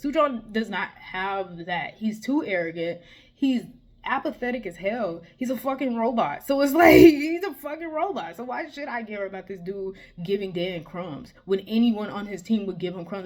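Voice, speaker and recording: A woman giving a heated, exasperated casual review, swearing often and breaking into animated outbursts. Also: mid-range voice. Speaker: manga reviewer.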